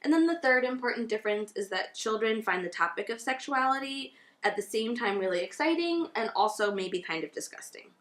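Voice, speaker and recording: A woman speaking thoughtfully and gently in a relaxed conversation, with many fillers. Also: a little high, a little fast. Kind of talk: conversational discussion. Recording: echoey room, faint noise.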